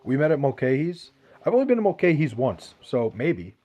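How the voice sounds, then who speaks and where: A man's voice: mid-range voice, big pitch swings, fairly quick, highs cut off. A young man, chatting casually and profanely, rambling and restarting his sentences as he reads live chat. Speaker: podcast host reading live chat.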